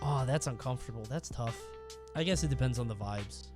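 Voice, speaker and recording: A young man streaming himself reacting to viewer stories, animated and quick to exclaim and swear. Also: medium pitch, soft background music. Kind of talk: casual reaction commentary.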